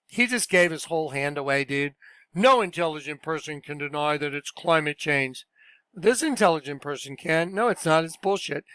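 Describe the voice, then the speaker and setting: A man's voice: on the high side, fairly bright tone, clean tone, no echo. A man commenting on video clips in a casual, emphatic and scornful way.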